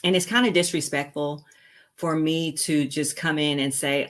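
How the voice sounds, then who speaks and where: A woman's voice: deep voice, steady tone, normal speed. A woman nurse practitioner hosting her channel, talking casually to camera in a rambling way with lots of fillers and restarts. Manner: laughs easily, playful asides to viewers.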